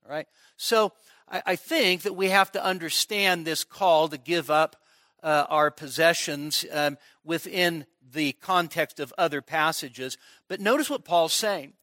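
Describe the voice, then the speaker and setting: Bright and a little high in pitch, this pastor's voice comes through a dry, close recording without room sound. His midweek expository sermon is conversational, with frequent pauses to check in with listeners.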